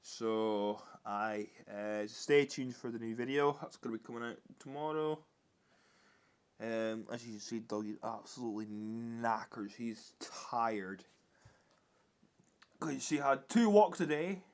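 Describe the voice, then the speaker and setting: A man's voice: mid-range voice, slow, clear, resonant tone. A young man, chatting in a casual vlog, rambling with many restarts and scolding and cooing at his dog. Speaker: vlogger.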